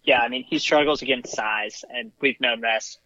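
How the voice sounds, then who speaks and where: A man with a mid-range voice at normal speed, pushed and bright, co-hosts a sports podcast. Thoughtful and hedging, he casually reads out stats and qualifies his opinions. There's no room sound, and the highs are cut off.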